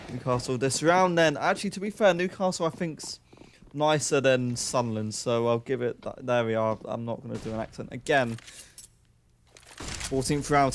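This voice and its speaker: A man's voice: medium pitch, slight background noise. A young man casting a live esports match, calling the play and chatting in joking asides. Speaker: esports caster.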